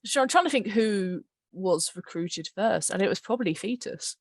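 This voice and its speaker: Giggly woman host, lively pitch. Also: moderate pace, no room sound. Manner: giggly, chatty. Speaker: podcast host and writer. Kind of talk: casual chat.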